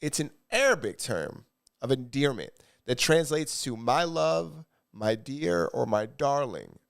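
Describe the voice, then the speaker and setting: A young man in casual podcast talk who teases dryly and reads things out in a mock-serious way. His voice sits at an ordinary middle pitch. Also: animated, a little slow, gravelly. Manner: dry and teasing, reads facts out with mock seriousness. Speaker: podcast co-host. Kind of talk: casual chat.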